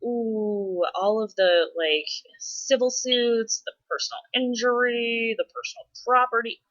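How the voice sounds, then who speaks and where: A woman's voice: a little high, steady tone, measured pace, fairly bright tone, muffled recording. A woman vlogging casually, answering follower questions in a chatty way with frequent laughs and dramatic exasperated asides. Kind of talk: casual chat.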